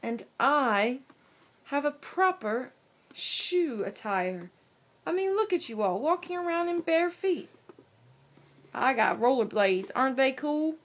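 A woman's voice: high-pitched, very animated, takes it slowly, heavily acted. A woman voicing a prim, fussy young girl cootie bug who talks in a prissy, scolding way. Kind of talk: cartoon voice acting.

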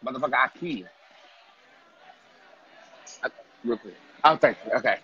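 A man's voice: medium pitch, animated, moderate pace, pauses often, bright, forceful tone, husky, highs cut off. A man hosting a casual livestream from a restaurant, talking in a sassy, profane, playful way. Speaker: livestream host. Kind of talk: casual livestream eating chat.

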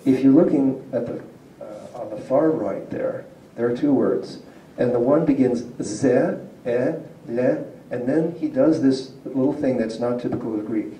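A university linguistics lecturer with a dark, mid-range voice speaks at normal speed in a roomy hall, picked up from afar with a faint hiss or hum. Giving a public lecture to a community audience, he explains things, quizzes the audience, and chuckles frequently.

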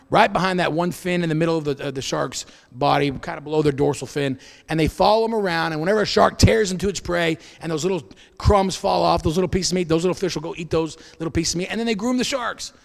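A man preaching as pastor to his congregation, swinging between booming and hushed delivery in a church. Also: fast, vocal fry, long reverb tail. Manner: preaching with wide swings in loudness and pitch. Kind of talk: sermon. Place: church sanctuary.

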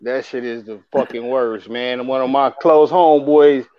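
A man's voice: medium pitch, fairly even intonation, moderate pace, clear, resonant tone, dry recording, dull audio. A man co-hosting a casual chat, talking bluntly with heavy swearing. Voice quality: profane, blunt street talk. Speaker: podcast co-host.

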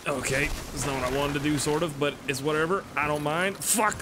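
A man giving excitable, swearing let's-play commentary as a gaming YouTuber. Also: a little high, fairly quick, background noise. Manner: excitable, swears a lot, laughs at own jokes.

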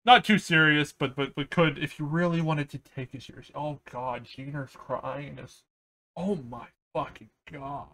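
High-voiced young man reacting to music. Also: normal speed, few pauses, sharp tone. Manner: crude, rambling, joking, often laughing. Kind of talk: casual album reaction commentary. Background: album playing in the background.

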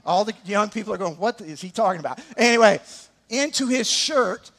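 A pastor with an Alabama Southern accent preaches in an animated way, tossing joking asides to his congregation. His voice sits high and moves a little fast.

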